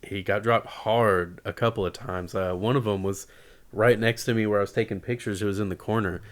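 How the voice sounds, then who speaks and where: A man co-hosts a casual podcast in a low, smooth, resonant voice. He talks through each bout in an easygoing, measured way. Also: steady tone. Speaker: podcast co-host. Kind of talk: casual chat about boxing.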